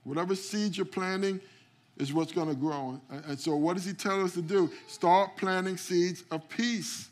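Preaching pastor, high-voiced man. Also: fairly even intonation, moderate pace. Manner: preaching with call-outs to the congregation; repeats words at the start of phrases. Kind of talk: sermon. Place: church sanctuary.

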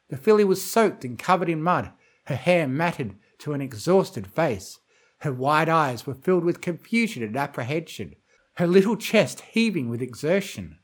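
Male reader for a dark fan fiction, a touch high, dramatic measured narration. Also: low-quality recording. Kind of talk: horror story narration.

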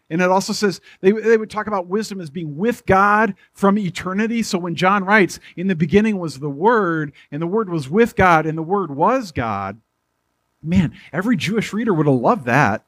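A man preaching a sermon in a loose, conversational way, dropping to slow, weighty phrasing on key lines. His voice is slightly husky and sits a bit high for a man. The sound is close and dry. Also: no echo. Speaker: pastor. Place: church.

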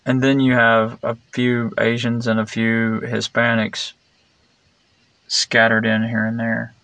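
A man's voice: mid-range voice, monotone, slow pace, sharp tone, dry recording. A man talking in a rambling opinion monologue, meandering and digressive, blunt and sarcastic, full of fillers and restarts. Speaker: vlogger.

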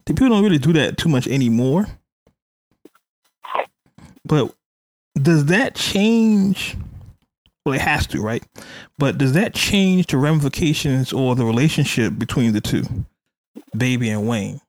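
A man's voice: medium pitch, animated, moderate pace, darkish tone, dry recording. A man hosting a casual podcast, chatty and hedging, stopping often to say allegedly. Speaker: podcast host. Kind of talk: casual hip hop news chat.

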